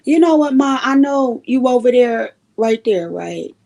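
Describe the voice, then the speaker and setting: A woman hosting a livestream, telling stories in an animated way, laughing often and swearing freely. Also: a little high, a little slow, gravelly. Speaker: livestream host. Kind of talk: casual storytelling chat.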